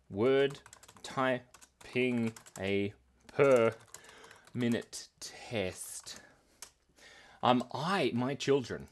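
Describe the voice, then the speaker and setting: A playful man in his thirties chats on a live stream from his computer desk. His voice swoops up and down as he rambles from one joke to the next, laughing often at himself. The pitch sits in the middle for a man. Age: 30s. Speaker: cartoonist streaming live and reading chat. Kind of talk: casual livestream chat.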